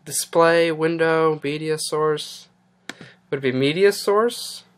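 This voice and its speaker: A podcast host, slow and mid-pitched, curses at technical problems while chatting on a live stream, clearly flustered and fed up. A little background noise is present.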